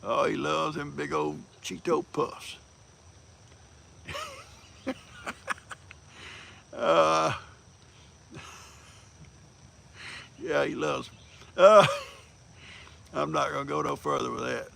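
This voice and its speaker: A man's voice: fairly high pitch, steady tone, extremely slow, vocal fry, pauses often, a bit bright. An older man, hosting a casual livestream, folksy and teasing, laughing often as he greets viewers. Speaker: livestream host.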